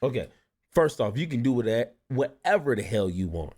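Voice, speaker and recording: A man's voice: medium pitch, very animated, moderate pace, a little mellow, husky. A man hosting a reaction video, giving casual, exasperated commentary with sighs and restarts. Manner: exasperated, sighing asides with many restarts.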